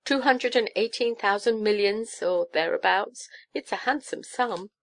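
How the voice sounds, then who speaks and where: A woman's voice: medium pitch, measured pace, close to an everyday voice. A woman reading a storybook, voicing a flustered, desperate young king who gasps and stammers. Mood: frantic. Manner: gasping, stammering, frantic.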